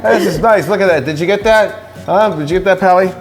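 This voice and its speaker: A man doing a smooth, flirtatious crooner impression as a celebrity guest, tossing in Italian endearments. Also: sits high, fairly quick, soft background music, lightly acted. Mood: charming. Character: suave crooning male impersonation of a famous singer, charming.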